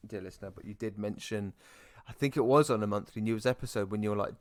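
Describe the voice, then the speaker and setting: A hoarse British man co-hosting a podcast in a chatty, rambling way. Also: on the low side, quick pace, darkish tone. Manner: chatty, rambling asides, repeats himself. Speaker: podcast co-host. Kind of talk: casual podcast chat.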